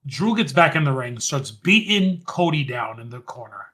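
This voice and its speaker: Bright-voiced male podcast host. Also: mid-range voice. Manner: animated, fast-running recap. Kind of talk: casual chat recapping wrestling.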